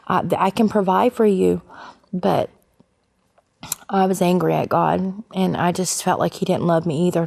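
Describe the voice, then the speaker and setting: A woman giving a personal faith testimony as a guest, talking in a halting way with frequent fillers and restarts. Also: fairly low pitch, creaky, warm tone. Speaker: guest sharing her life story.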